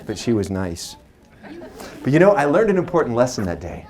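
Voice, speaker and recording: Man in his forties, magician's stage patter, playful and teasing, animated melodic voice, stage microphone. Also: medium pitch, brisk, some chatter behind. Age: 40s. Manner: playful and chatty, teasing the audience. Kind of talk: live stage patter with storytelling.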